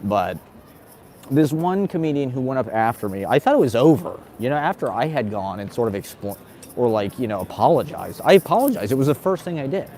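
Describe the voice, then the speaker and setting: A man's voice: mid-range voice, big pitch swings, a little fast, mellow, a little hiss or hum. Ranting, profane man with nervous laughs. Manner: agitated, profane, laughs between rants. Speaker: stand-up comedian. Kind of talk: casual ranting monologue.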